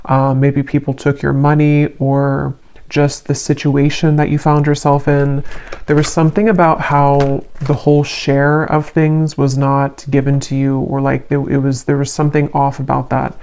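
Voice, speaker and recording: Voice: mid-range voice, monotone, normal speed, a little mellow. A tarot reader giving an intuitive reading straight to the listener, searching for words with fillers and restarts while offering reassurance. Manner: reassuring, addressing listeners directly.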